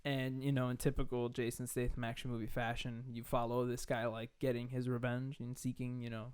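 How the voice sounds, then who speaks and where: A man's voice: medium pitch, little pitch movement, a little fast, a little mellow, clear, resonant tone. A man in his twenties from Queens, New York, co-hosting a podcast and telling stories loosely, with lots of filler words and laughter. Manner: loose storytelling with many likes and laughs. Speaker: podcast co-host. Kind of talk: casual podcast chat.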